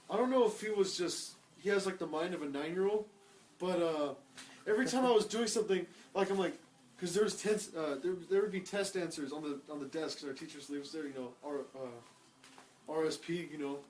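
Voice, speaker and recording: Young man rambling through a high-pitched story. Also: moderate pace, darkish tone, slight background noise. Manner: rambling storyteller, swears a lot, acts out quoted voices. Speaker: podcast co-host. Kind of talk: casual chat among friends.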